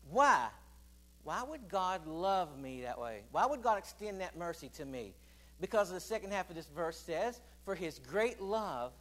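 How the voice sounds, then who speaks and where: A man preaching a sermon to a congregation, asking them questions and getting them to answer back, swinging between loud emphatic declarations and quiet, low asides. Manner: asks the congregation questions and calls for responses.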